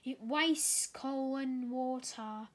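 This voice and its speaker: An instructive little tank engine from a storybook, patiently telling a newcomer what to do, as a woman reading aloud puts him on. The voice sits high and moves slowly, with plain reasoning in each line. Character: helpful but bossy-sounding male tank engine.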